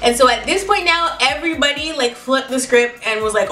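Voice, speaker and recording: Profane, animated young woman telling a story. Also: high voice, a little fast, few pauses. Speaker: beauty vlogger. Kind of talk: storytime vlog. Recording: roomy, distant mic, faint music.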